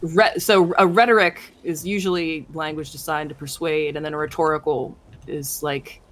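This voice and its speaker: Rambling podcast co-host, mid-pitched. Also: fairly even intonation, moderate pace, a bit bright. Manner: rambling, explains with many fillers. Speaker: podcast co-host playing a game. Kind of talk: casual gameplay chat.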